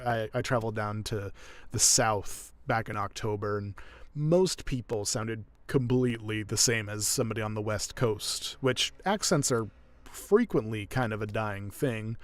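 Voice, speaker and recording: Relaxed man chatting about voice craft. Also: lowish voice, unhurried, no room sound. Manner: relaxed, explanatory, with self-corrections. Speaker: audiobook narrator and streamer. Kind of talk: casual explanatory chat.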